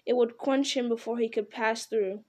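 A woman narrating an audiobook in a measured, dramatic storytelling manner. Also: on the high side, steady tone. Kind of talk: audiobook reading.

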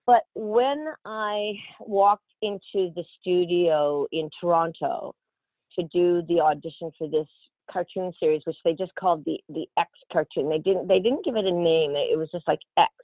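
A woman's voice: on the low side, moderate pace, dry recording. Storytelling woman over a tinny line. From Australia. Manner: animated, laughing, quotes other voices. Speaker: actress guest. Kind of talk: casual interview storytelling. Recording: tinny phone-like line, dry.

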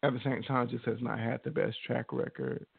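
A man's voice: medium pitch, brisk, creaky, husky, no echo. A man co-hosting a podcast in casual chat, blunt and profane, reading gossip aloud. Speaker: podcast co-host. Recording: tinny phone-like dry sound.

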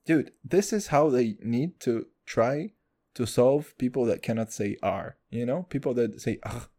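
Animated young man riffing profanely. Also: takes it slowly. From Israel. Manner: profane, excitable, riffing with sudden jumps in pitch. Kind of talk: rambling comedic monologue.

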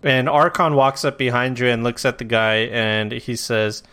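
Game master, male, mid-pitched and smooth, narrates loosely and casually. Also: moderate pace, hardly any pauses, bright, forceful tone. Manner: casual, swearing, loose storytelling with fillers.

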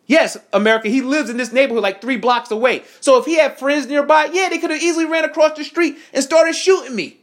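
A man angrily recounting a confrontation in a profane, animated first-person story with quoted dialogue. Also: very high-pitched, quick pace, few pauses. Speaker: veteran recounting an incident. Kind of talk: angry first-person account to camera.

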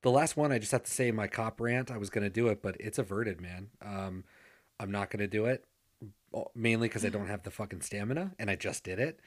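A man's voice: lowish voice, a little fast. A man co-hosting a casual podcast chat, ranting with lots of swearing. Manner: profane, ranting. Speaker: podcast co-host.

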